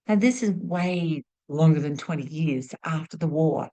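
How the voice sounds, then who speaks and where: A woman's voice: low voice, a little slow, few pauses, dark tone, rough recording. A middle-aged woman giving a spiritual teaching talk, reflective and repeating key phrases for emphasis.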